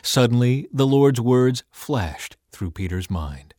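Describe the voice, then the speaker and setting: A man narrating a scripted scripture reading with an expressive, dramatic delivery. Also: low voice, a little slow, hardly any pauses, dry recording, studio quality.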